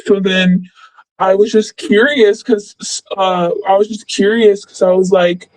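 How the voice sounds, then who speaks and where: A woman's voice: medium pitch, fairly even intonation, unhurried, a little mellow, dry recording, low-quality recording. A young woman telling a story casually, rambling and filling with "like" and "blah, blah.". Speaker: former friend recounting events.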